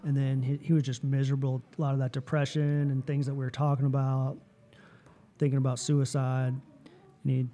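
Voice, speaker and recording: A man with a dark, mellow tone talks in a relaxed, casual way. He tells a story with animated energy, filling his sentences with "like" and "dude". His voice sits at an average pitch. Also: a little fast. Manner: animated storytelling, heavy use of "like". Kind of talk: casual chat.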